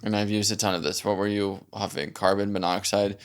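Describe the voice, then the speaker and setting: A man's voice: fairly low pitch, level tone, a little fast, smooth. A man reading online comments and posts aloud in casual commentary, with dry, sarcastic delivery.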